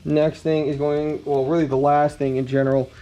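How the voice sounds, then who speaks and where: A man explaining guitar setup in a relaxed, rambling way, with many ums and some blunt cursing. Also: a little high, normal speed, dull audio. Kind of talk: casual instructional talk.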